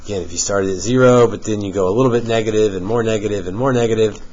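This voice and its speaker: A low-voiced middle-aged man teaching a math class, casual and patient, with easygoing jokes tossed to the students. The sound is dull and lo-fi, with a faint hiss behind him. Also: racing. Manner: relaxed, joking asides to students. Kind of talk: classroom lecture.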